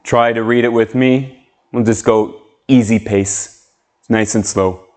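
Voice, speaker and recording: A man teaching an English lesson on video, speaking slowly and carefully as he models sounds and words. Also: mid-range voice, fairly even intonation, a little mellow. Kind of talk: slow, clear classroom video lesson.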